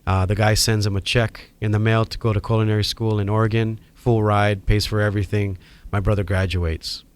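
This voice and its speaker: Smooth-voiced Hawaiian man telling stories. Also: on the low side, a little fast. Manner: animated storyteller acting out quoted voices. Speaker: guest. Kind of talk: storytelling in a podcast interview.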